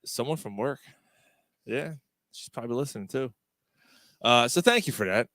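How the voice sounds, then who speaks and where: A man hosting a casual sports podcast, talking in loud, crude, laughing banter with his co-hosts. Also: mid-range voice, animated, normal speed, no echo. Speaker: podcast host. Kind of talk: casual bar-style sports chat.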